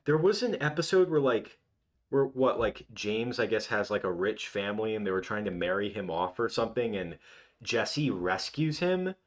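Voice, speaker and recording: Young male livestream host, lowish voice, loose rambling delivery full of false starts. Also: expressive, moderate pace. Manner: rambling, reminiscing, full of restarts. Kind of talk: casual livestream chat.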